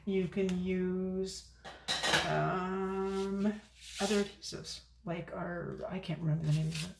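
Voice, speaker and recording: A chatty woman demonstrating card making in a casual crafting video, talking fast and poking fun at her own forgetfulness. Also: fairly low pitch, steady tone, gravelly, noisy background. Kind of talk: casual crafting tutorial chat. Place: home craft room. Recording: echoey room.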